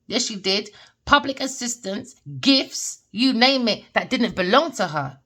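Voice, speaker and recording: Blunt, bright-voiced woman reading tarot. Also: fairly high pitch, expressive, measured pace. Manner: blunt, emphatic, swears, asks herself "why?" and answers. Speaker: tarot reader. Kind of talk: unscripted tarot reading monologue.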